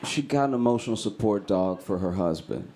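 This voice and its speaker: Animated male stand-up comedian. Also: on the low side, a little fast, slight background noise. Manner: animated storytelling, acting out screams and voices. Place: comedy club stage.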